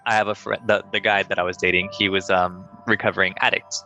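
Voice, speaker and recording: A young man casually telling a ghost story on a podcast, acting out quoted lines in a higher voice. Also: quick pace, muffled recording, faint music behind. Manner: animated, acts out quoted dialogue in a higher voice.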